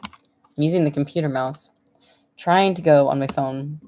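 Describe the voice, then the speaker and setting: A woman's voice: deep voice, unhurried, darkish tone, slight background noise. A woman in her thirties chatting casually on a live stream from home, rambling and emotional, laughing often. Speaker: vlogger.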